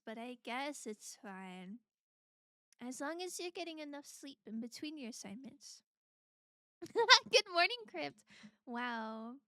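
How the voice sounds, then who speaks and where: A woman's voice: high-pitched, sharp tone, no echo, studio quality. A woman streamer chatting casually with her viewers, laughing often between lines. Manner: giggly, chatty, talks while eating.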